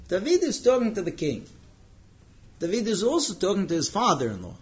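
A man teaching a Torah lesson as a dramatic storyteller who slows down for tension. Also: sits high, wildly swooping pitch, highs cut off. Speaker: religious teacher.

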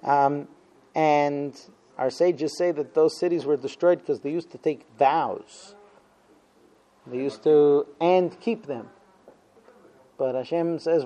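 A man with a fairly high but mellow voice tells a story to his class. He acts out the quotes with energy and pauses often on fillers. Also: muffled recording. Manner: animated storyteller, acting out quotes, many fillers. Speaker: teacher of a Talmud class. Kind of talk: storytelling lesson.

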